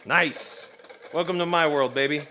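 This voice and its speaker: A man's voice: fairly high pitch, a little slow, pushed and bright. A man streaming himself cooking, chatting casually and playfully with his viewers and laughing often.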